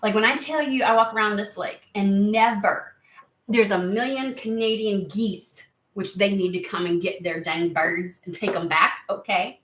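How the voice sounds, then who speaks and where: A woman chatting excitedly and rambling on tangents during a spiritual card reading video. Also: medium pitch, moderate pace. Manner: excitable, rambling, lots of exclamations. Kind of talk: casual chatty reading vlog. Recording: roomy echo.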